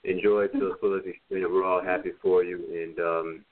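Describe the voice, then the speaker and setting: A man's voice: sits low, level tone, brisk. A man co-hosting a casual sports talk show, offering good wishes over a tinny phone line. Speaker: co-host.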